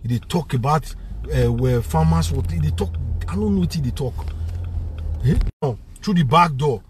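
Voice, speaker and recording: A man's voice: fairly high pitch, moderate pace. A man with a Nigerian Pidgin English accent delivering a heated, repetitive political rant, switching between Pidgin and English. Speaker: vlogger.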